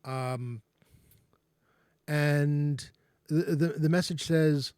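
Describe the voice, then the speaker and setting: A man runs the table as game master, pitching his voice a touch high. He narrates in halting bursts, full of fillers and restarts. The sound is dry, with almost no room around it. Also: darkish tone, no echo.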